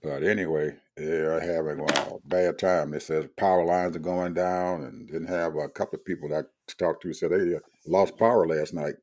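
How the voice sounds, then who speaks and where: An older man with a drawl chats casually over a call. His voice sits very low, and he rambles and repeats himself with an easygoing chuckle. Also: fairly even intonation, moderate pace, few pauses, darkish tone. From Georgia, USA. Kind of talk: casual chat.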